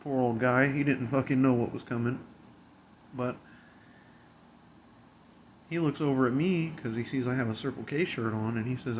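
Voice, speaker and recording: A man's voice: mid-range voice, fairly even intonation, unhurried, long pauses. A man with a mid-range voice tells a workplace story, blunt and full of swearing. He drawls along casually, with faint noise underneath. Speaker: convenience store worker.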